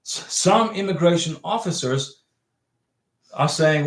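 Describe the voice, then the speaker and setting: A fairly high-voiced man hosts a relaxed livestream, reading out viewer messages and answering them plainly and directly. His voice carries a roomy echo, as if he were talking in an ordinary room at home. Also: normal speed. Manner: folksy, reads viewer chats aloud and answers directly. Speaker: livestream host giving visa advice. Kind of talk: casual livestream chat.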